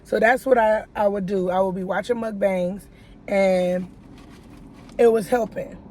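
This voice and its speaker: A woman's voice: medium pitch, fairly even intonation, a little slow, mellow, a little hiss or hum. A woman giving a casual life-update vlog, telling a long story in a chatty way and speaking straight to her viewers. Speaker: YouTuber.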